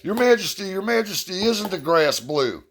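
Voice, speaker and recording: A man voicing a whiny, excitable male donkey who pleads and tattles in a fable he tells. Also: high-pitched, normal speed, slight background noise, voice pushed up, heavily acted. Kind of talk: storytelling a fable.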